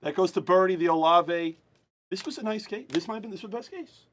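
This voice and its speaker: A man hosting a live-streamed card break, excitable and talking over the others, repeating himself. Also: high-pitched, quick pace, a little hiss or hum.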